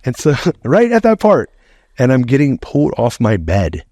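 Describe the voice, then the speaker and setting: On a dry, studio-quality recording, a middle-aged man speaks at a moderate pace in a medium-pitched voice. As a podcast guest, he rambles animatedly through a story, leaning heavily on "like" and cursing freely.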